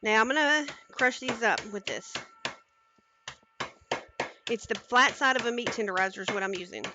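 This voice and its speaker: A woman's voice: fairly high pitch, normal speed, highs cut off, background noise. A woman cooking on a live stream, chatting casually and talking viewers through each step into a headset mic in her home kitchen.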